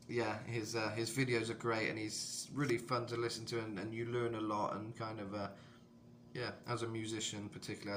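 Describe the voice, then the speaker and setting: A British man in his twenties, chatting loosely through a vocal tutorial, with lots of fillers and asides. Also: background noise. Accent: British English. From England. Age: 20s. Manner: rambling, filler-heavy, breaks into high falsetto demos. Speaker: vocal coach.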